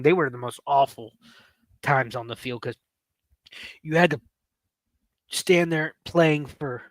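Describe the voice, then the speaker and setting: A man's voice: a little high, fairly bright tone, dry recording. A man in his late thirties hosting a livestream, telling rambling stories and joking with his chat. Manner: rambling, storytelling, playful with chat. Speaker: livestream host. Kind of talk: casual livestream chat with viewers.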